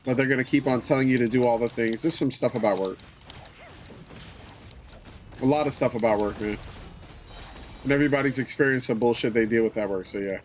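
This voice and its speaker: A man hosting a livestream, chatting casually with viewers in a relaxed way, swearing often and repeating his phrases. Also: mid-range voice, fairly quick, pauses often, slight background noise. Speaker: livestream host.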